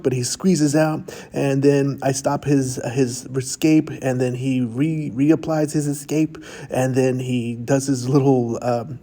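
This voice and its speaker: Goofy, mellow-voiced man narrating a grappling roll. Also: medium pitch. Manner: goofy, self-mocking, chatty, quotes himself and opponent in silly voices. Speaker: jiu-jitsu practitioner narrating own roll. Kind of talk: casual play-by-play voice-over.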